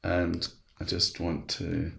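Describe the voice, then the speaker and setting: Male webinar presenter, low gravelly voice, talks through each click in a chatty way, roomy echo. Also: monotone, slow, fairly bright tone. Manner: chatty, walks through steps aloud. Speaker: education specialist presenting a webinar. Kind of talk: live software demonstration. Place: at his computer.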